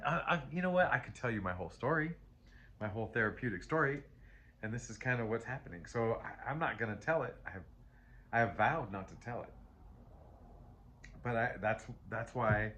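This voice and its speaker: A man's voice: mid-range voice, animated, brisk, fairly bright tone. Rambling man giving a tarot reading. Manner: rambling and self-interrupting, with frequent restarts; chatty and emotional, laughs often. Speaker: tarot reader. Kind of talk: casual spoken tarot reading.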